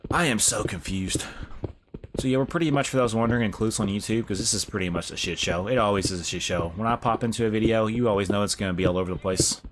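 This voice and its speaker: A man's voice: fairly low pitch, fast, noisy background. A young man live-streaming a game, chatting casually, swearing and saying bro a lot. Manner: laid-back, swears, says bro a lot. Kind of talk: casual gameplay commentary.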